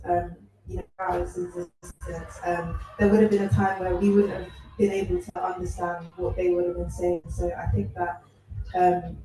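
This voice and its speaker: A woman speaking on a discussion panel, reflective, with frequent pauses and ums. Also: medium pitch, mellow, slight background noise. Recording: echoey room, far from the mic.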